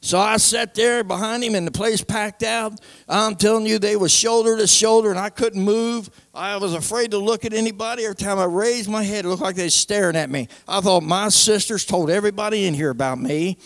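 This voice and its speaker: High, gravelly-voiced man testifying. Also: fairly even intonation, fairly quick, few pauses, fairly bright tone, no room sound, studio quality. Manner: emphatic, repeats "I'm telling you"; folksy nonstandard grammar. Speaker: church speaker giving testimony. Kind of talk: personal testimony in church.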